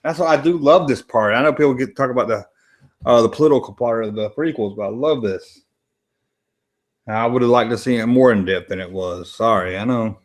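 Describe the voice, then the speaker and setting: This man's mid-range voice moves fairly quickly as he chats over a movie on a late-night stream from his home room. Relaxed and rambling, he reads chat aloud and drops jokey asides along the way.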